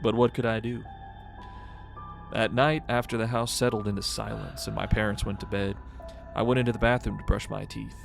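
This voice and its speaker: A man's voice: on the low side, a little fast, gravelly, soft background music. A man co-hosting a casual podcast, reading a horror story aloud and joking between passages. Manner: jokey, laughs often, flat reading voice for the story.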